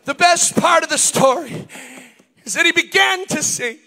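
High, bright-voiced shouting preacher man. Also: gravelly. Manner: shouted, sing-song preaching cadence with drawn-out words. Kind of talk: Pentecostal sermon altar call. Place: church sanctuary.

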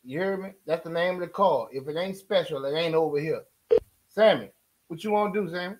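A man doing loud comic commentary, mocking and taunting. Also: a little high, a little fast, noisy background. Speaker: comedy commentator. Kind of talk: loud comic trash talk.

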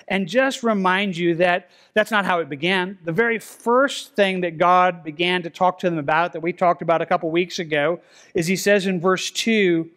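A man with a fairly high voice preaches in a church, talking it through casually and pausing to read scripture slowly. He often stumbles and repeats a word, and keeps things plain and easy to follow. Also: a bit bright. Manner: conversational, repeats words, reads scripture slowly. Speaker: pastor. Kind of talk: expository sermon. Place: church sanctuary.

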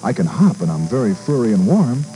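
A man voicing a lonely, gentle little male bunny who speaks softly and hesitantly, with small stammers. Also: mid-range voice, very animated, brisk, soft background music, lightly acted, low-quality recording. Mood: wistful.

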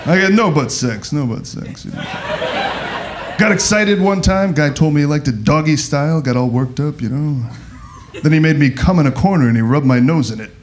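A man putting on a brash, wisecracking old-school nightclub comedian, firing off one-liners in a rough delivery. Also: fairly high pitch, moderate pace, background noise, natural voice. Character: brash wisecracking middle-aged man impression. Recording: live club, crowd laughter.

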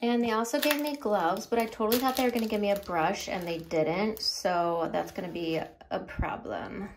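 A woman's voice: mid-range voice, moderate pace, slight background noise. A woman chatting through a home how-to vlog, self-deprecating and laughing at herself. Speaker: beauty vlogger. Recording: roomy echo, mic at a distance.

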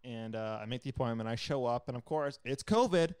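A young male podcast co-host tells a story in casual conversation, swearing often and animatedly acting out what people said. He has a smooth, medium-pitched voice, speaks fairly quickly, and the recording is dry.

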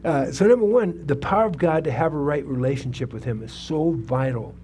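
Older guy preaching in church, slightly high voice, tells his story casual-like and keeps asking the crowd questions, faint hum behind. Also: brisk, mellow. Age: 70s. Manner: conversational preaching, asks the congregation questions. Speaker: pastor. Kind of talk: sermon with personal testimony. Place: church sanctuary.

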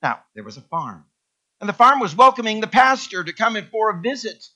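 A male pastor preaching a sermon in a church, emphatic and repeating key words with sweeping rises in pitch. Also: sing-song, brisk, bright, forceful tone. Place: church sanctuary.

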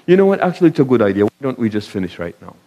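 A man's voice: medium pitch, sing-song, racing, mellow, dull audio. A man giving a conversational sermon to a live audience, asking them questions, telling anecdotes and sprinkling in Arabic phrases. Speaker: imam giving a talk.

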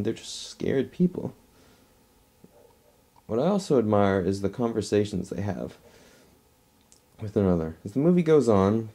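A man's voice: fairly low pitch, gravelly, warm tone, husky. A man giving a casual movie review, rambling and restarting his phrases as he talks at home.

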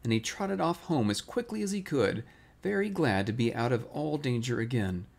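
A man reading a bedtime storybook aloud in a gentle, relaxing way. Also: medium pitch, animated, moderate pace, gravelly. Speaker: storybook reader.

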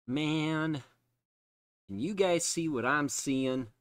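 A man's voice: fairly high pitch, takes it slowly. A man chatting casually while streaming a game from his unfinished basement, laughing often and joking at himself. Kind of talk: casual live-stream chat.

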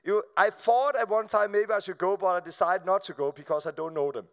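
A man with a notably high speaking voice tells a personal testimony from the pulpit. He keeps it animated and informal, laughing along and stumbling over repeated words as the story spills out. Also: brisk. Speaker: preacher. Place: live event before an audience.

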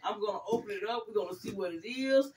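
An older woman hosting a casual gift-opening vlog, thanking viewers warmly and praising God, calling everyone y'all. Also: mid-range voice, fast talker. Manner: religious, praising God often; grateful, calls viewers y'all. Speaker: vlogger. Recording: echoey room, far from mic, faint noise.

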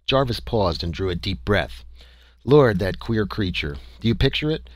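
A man narrating an audiobook in a measured first-person storytelling manner. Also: on the low side, lively intonation, no room sound.

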